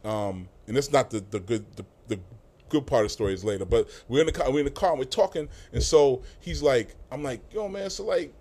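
A man's voice: medium pitch, fast, dark tone. A middle-aged man, telling loose, profane stories as a guest in a casual interview, with many fillers and restarts. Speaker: music industry guest.

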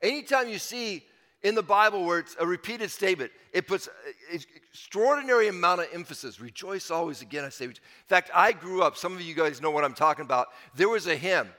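A man delivers a sermon in an earnest, conversational way. He leans on repeated phrases and rises into emphatic swells. His voice sits high and bright for a man, with a long hall reverb trailing behind it. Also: lively intonation, a little fast. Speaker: pastor.

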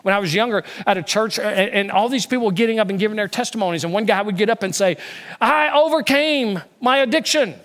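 A male pastor preaching a sermon in an animated way, swinging between loud emphasis and hushed lines. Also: high voice, rapid-fire, few pauses.

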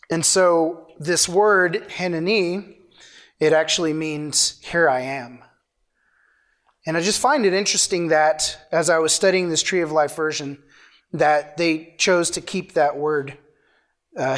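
A man's voice: on the high side, fairly bright tone. A man preaching an informal sermon, reading scripture aloud with conversational, playful asides.

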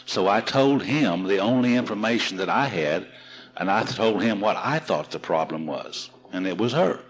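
Deep guy spinning a folksy story at a seminar, old recording w faint music in back. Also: animated, moderate pace, low-quality recording. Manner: folksy, self-mocking storyteller. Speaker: seminar speaker. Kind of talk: storytelling talk at a recovery seminar.

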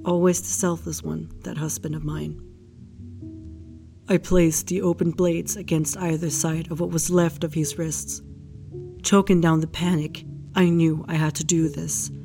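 A woman narrating in the first person for an audio drama, in a hushed, grief-stricken retelling. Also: lowish voice. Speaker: narrator recounting a case file.

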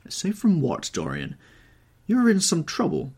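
A man voicing a witty, cynical aristocratic gentleman who drawls amused epigrams, in an audiobook reading. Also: a little high, huge pitch swings, measured pace, gravelly, husky, voice pushed up, full character voice.

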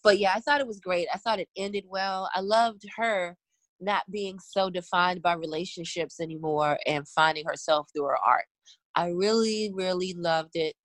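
A woman's voice: on the low side, moderate pace, a bit bright, no room sound. A woman co-hosting a podcast in casual, playful chat, laughing often and swearing casually. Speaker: podcast co-host.

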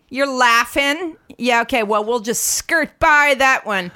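A woman's voice: on the high side, a little slow, bright, forceful tone. An American woman co-hosting a casual podcast, telling an indignant story with lots of asides. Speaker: podcast co-host.

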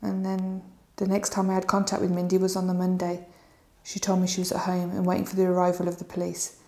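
A woman reading a witness statement in a monotone, gravelly delivery, recorded in an echoey room. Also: fairly low pitch, fast talker.

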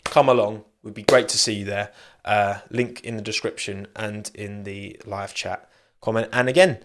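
A man's voice: lowish voice, fairly even intonation, normal speed, a little hiss or hum. A man hosting a casual live stream, chatting loosely as he wraps up. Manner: chatty, rambling, soft cooing to his dog. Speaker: livestream host. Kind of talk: casual live chat sign-off.

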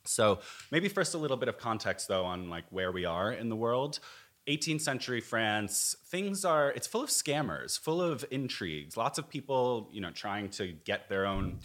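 Lively male storytelling podcast co-host. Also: on the low side, moderate pace. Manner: energetic, expressive storyteller. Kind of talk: casual chat, storytelling.

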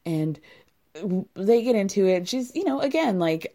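Recapping reality TV on her podcast, a woman speaks at a moderate pace in an expressive, medium-pitched voice with a dark tone. The chat is casual and giggly, with an occasional swear word.

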